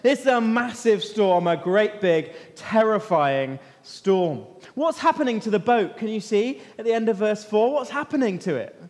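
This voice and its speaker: A man teaching an interactive Bible lesson as an animated storyteller, asking his listeners questions. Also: extremely high pitch, brisk, hardly any pauses. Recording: long echo of a large hall.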